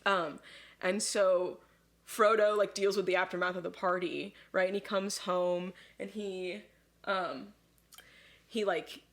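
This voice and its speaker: A woman co-host talks loosely after a few drinks, her voice sitting at an ordinary middle pitch. She rambles through her story, stacking fillers and breaking into laughing asides. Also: steady tone, takes it slowly, fairly bright tone. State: a little drunk. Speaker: podcast co-host. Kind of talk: casual chat retelling a story.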